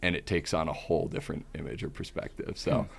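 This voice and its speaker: Young male guest, very low and flat, dry self-deprecating delivery with lots of "um"s. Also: fast, vocal fry, husky. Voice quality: deep, monotone voice. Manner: relaxed, self-deprecating, hesitant fillers. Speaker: podcast guest, comedian. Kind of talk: casual interview chat.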